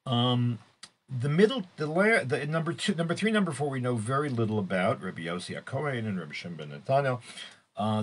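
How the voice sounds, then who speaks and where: A middle-aged man living in Israel, teaching a weekly Torah class in an unscripted, halting way, with many restarts and fillers and sudden emphatic rises. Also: deep voice, slight background noise.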